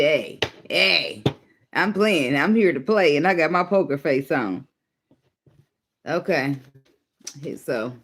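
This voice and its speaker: A man giving a casual spoken tarot reading, blunt and profane, teasing and laughing often as he goes. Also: fairly high pitch. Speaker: tarot reader.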